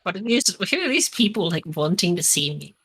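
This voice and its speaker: A woman's voice: fairly low pitch, big pitch swings, fairly quick, a bit bright, slight background noise. A woman guest in a casual stream chat, playful and teasing.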